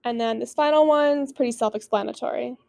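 A woman's voice: fairly high pitch, fast, vocal fry, darkish tone, no room sound. A young woman from Oklahoma hosting a podcast, commenting in an earnest, mildly indignant way on clips and tweets she plays and reads. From Tulsa, Oklahoma, US. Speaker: podcast host.

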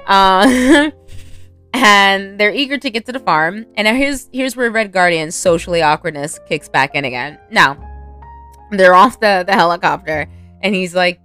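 A woman's voice: medium pitch, expressive, a little slow, a bit bright, clear, resonant tone, soft background music. A woman casually recapping a film, rambling with many fillers and frequent laughter. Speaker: movie recap vlogger.

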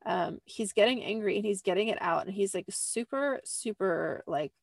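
A woman's voice: mid-range voice, normal speed, creaky, dry recording. A woman hosting a podcast in a cramped little room, rambling with lots of fillers while recapping a show. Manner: rambling, many "like" fillers, apologetic asides. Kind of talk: casual chat. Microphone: close desk mic.

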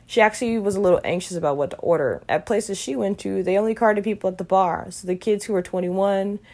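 A woman reading a short story aloud in a calm, even manner. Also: mid-range voice, fast talker. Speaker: reader.

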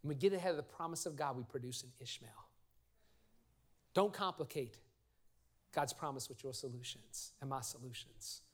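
A middle-aged man preaching a lively sermon as pastor, telling stories and leading his congregation in call-and-response. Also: medium pitch, normal speed, pauses often. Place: church sanctuary.

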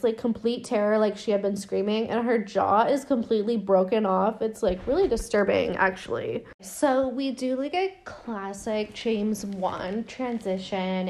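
A woman's voice: a little high, a little mellow. Young woman, casual comedic movie-recap host, chatty, profane, acts out quotes. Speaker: podcast host recapping a film.

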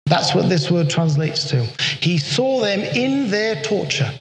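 A man preaching a sermon in an earnest way, slowing down to stress his points. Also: high voice, lively intonation. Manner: earnest, slows down for emphasis. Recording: echoey hall with long reverb.

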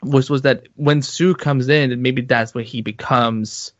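A man co-hosting a casual podcast, talking in an animated, excitable way with many restarts. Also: mid-range voice, measured pace, no room sound. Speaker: podcast co-host. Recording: dull muffled lo-fi sound.

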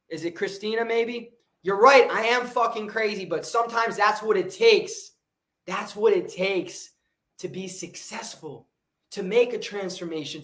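A motivational livestream host giving an unscripted, intense and profane pep talk, often breaking off to answer viewer comments. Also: mid-range voice. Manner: intense, profane, repetitive hype. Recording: roomy echoey room.

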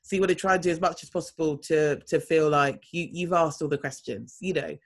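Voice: mid-range voice, a little fast. A casting director answering interview questions in a thoughtful, rambling way, full of fillers and restarts.

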